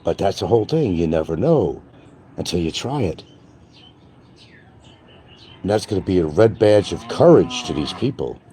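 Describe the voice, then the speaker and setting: An older man rants on a livestream in a low, dark voice that leaps around in pitch. He turns combative, veering from loud outbursts to low muttering, with a faint hiss of background noise. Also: big pitch swings, moderate pace, pauses often. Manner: combative, swings between shouting and muttering. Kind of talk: ranting livestream monologue. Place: island town, outdoors or at home.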